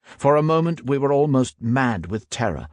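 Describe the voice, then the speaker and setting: A man reading a war memoir aloud as steady, grave scripted narration. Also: mid-range voice, moderate pace, no echo.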